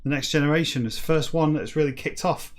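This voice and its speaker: A man hosting a comedic solo podcast, rambling off on tangents, putting himself down, and reading a text aloud in slow, halting word-by-word bursts. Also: a little high. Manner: rambling and self-deprecating, with frequent digressions. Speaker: podcast host.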